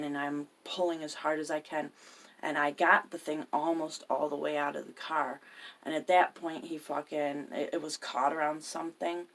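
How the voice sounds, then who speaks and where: A woman's voice: low voice, gravelly. A woman hosting a podcast, telling a personal story in a profane, emphatic way. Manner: profane, emphatic, swears constantly. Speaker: podcast host.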